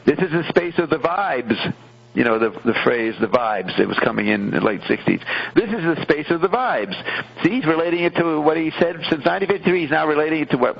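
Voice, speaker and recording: A gravelly, husky man hosts a radio show, reading a text and breaking off to explain it. His pitch swings widely as he digresses playfully. The recording sounds dull and lo-fi. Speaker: radio host. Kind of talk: lecture-style commentary, reading aloud and explaining.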